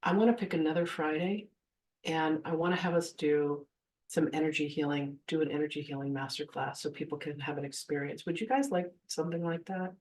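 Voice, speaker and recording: Woman, 50s, spiritual teacher giving a class, animated storyteller who voices her quotes, recorded from a distance. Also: low voice, brisk. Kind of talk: live masterclass storytelling.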